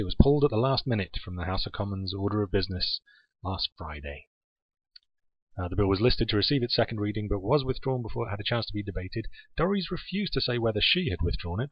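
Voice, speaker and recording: A low, husky man hosts a casual chat, reading the news out loud and throwing in dry, sarcastic remarks. The recording is dull and lo-fi, with a dry sound and no room echo. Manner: reads news items aloud with sarcastic asides. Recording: dull lo-fi podcast audio.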